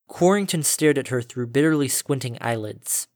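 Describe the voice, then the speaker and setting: A man reading a pony fan fiction story aloud in a steady, descriptive narration. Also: mid-range voice, moderate pace, no room sound, studio quality. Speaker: reader.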